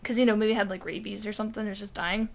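A woman's voice: medium pitch, steady tone, rapid-fire, creaky. A young woman co-hosting a podcast, telling a rambling story in casual chat, full of "like" and swearing. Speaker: podcast co-host.

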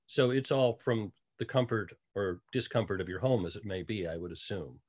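A man hosting an online interview in a relaxed way, reading out questions from the chat. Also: on the low side, normal speed. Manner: relaxed, reads audience questions aloud. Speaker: host.

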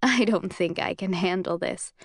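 A woman voicing a self-assured young male commander in an audiobook reading, speaking in a calm, amused drawl. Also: on the low side, moderate pace, gravelly, no room sound, clean studio sound. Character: young man, cool, teasing, self-assured military commander.

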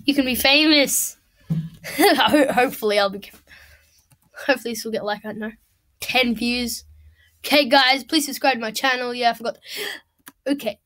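High-pitched young woman gaming at home, chatty, excitable, swears a lot. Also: normal speed, pauses often. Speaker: gamer. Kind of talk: casual gameplay commentary. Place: home room at a computer.

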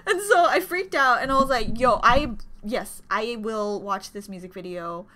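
A woman hosting a casual reaction video, gushing excitedly with gasps and squeals. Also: fairly high pitch, moderate pace, crowd noise. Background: faint music from the video being watched.

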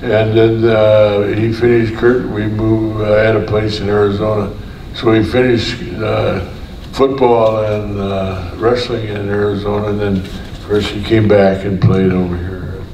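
An older man with a Minnesota accent, a retired wrestler telling stories in an interview in a slow, halting way. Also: lowish voice, flat delivery, darkish tone. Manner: slow, halting storytelling with many pauses. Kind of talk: casual interview. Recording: roomy, distant mic, clear background noise.

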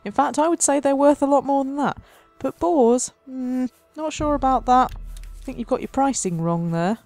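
A woman's voice: high-pitched, moderate pace, a little mellow, no room sound, soft background music. A woman hosting a let's play, commenting on the game in a playful mock-dramatic way and laughing often. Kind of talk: gameplay commentary.

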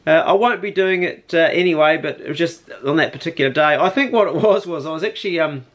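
A man's voice: fairly high pitch, fast talker. A man, chatting casually and slangily in his hunting vlog, first out on a farm and then indoors. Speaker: hunting vlogger.

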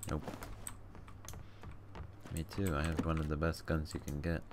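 A man streaming a game, chatting quietly and joking with a teammate. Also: very deep voice, completely flat delivery, unhurried. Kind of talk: casual gaming chat. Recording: noisy stream audio.

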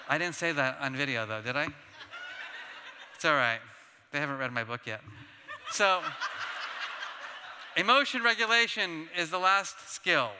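A man giving a conference plenary talk, telling personal stories in an animated, self-deprecating way with laughs. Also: fairly high pitch, smooth. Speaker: keynote speaker. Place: large conference hall. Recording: long reverb of a large hall.

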